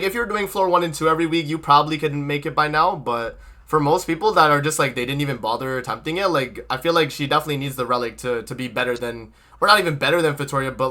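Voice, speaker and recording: A man's voice: fairly high pitch, bright, forceful tone. A man on a podcast panel, chatting casually about a mobile game, hesitant and trailing off, full of fillers. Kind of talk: casual gaming chat.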